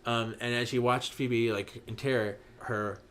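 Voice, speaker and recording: A man's voice: medium pitch, steady tone, unhurried, a bit bright, slight background noise. A man hosting a podcast, casually recapping a story and acting out the characters' lines in raised voices. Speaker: podcast host.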